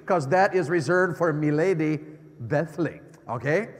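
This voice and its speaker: A middle-aged male evangelist preaching in a church sanctuary with a fairly high voice. He swings between loud, excited bursts and hushed, low asides. Long reverb rings through the hall. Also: a little slow. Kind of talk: sermon.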